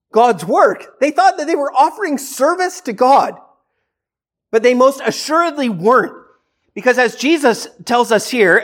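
A preacher delivering a sermon in a conversational way, asking the listeners rhetorical questions and now and then acting out what people might say. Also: medium pitch.

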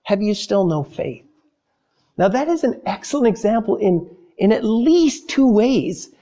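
High-voiced animated male preacher. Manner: animated storyteller, acts out panicked voices; slows and softens on key phrases. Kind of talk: sermon.

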